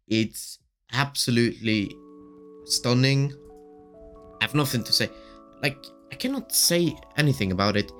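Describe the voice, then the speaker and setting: A man's voice: medium pitch, lively intonation, a little slow, pauses often, fairly bright tone, soft background music. A man hosting a casual solo podcast, gushing and rambling with lots of fillers while his voice keeps cracking. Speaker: podcast host.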